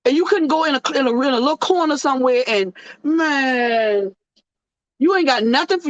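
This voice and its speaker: A woman hosts her own talk show in a joking, sermon-like rhythm. Her voice sits a little high. The recording is dry and slightly dull, like a lo-fi home setup. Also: moderate pace, no room sound. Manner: animated, joking, sermon-like cadence. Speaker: host. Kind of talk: casual preachy talk show monologue.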